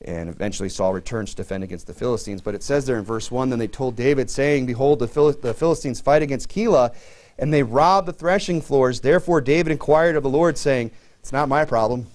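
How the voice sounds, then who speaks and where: A man's voice: medium pitch, brisk, a little mellow. A middle-aged man preaching a sermon to his church in a conversational way, full of "you know" fillers. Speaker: pastor.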